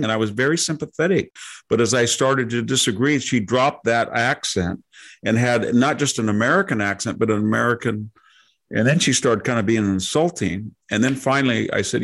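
A man's voice: medium pitch, moderate pace, a bit bright. A man speaking as a guest in a casual interview, telling long, digressive anecdotes and acting out the quotes.

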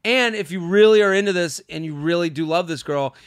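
A man hosting a podcast in casual chat, animated and joking, swearing freely into a studio mic. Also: high voice, brisk, smooth, no room sound. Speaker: podcast host.

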